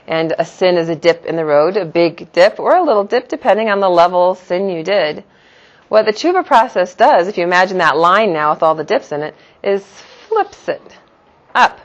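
A woman religious teacher giving a spoken lesson in an animated, emphatic way, asking her listeners rhetorical questions. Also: on the low side, fairly quick, lo-fi sound.

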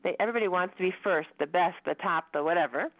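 A woman's voice: lowish voice, quick pace, no echo. Woman teaching a religious class. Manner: conversational, with jokes and laughter. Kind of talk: class lecture. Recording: dull, dry audio.

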